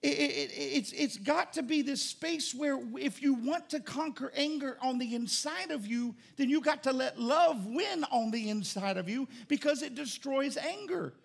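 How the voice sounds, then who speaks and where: A middle-aged man preaching a sermon as pastor, conversational and joking, with an animated delivery. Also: extremely high pitch, a little slow, gravelly, hardly any pauses.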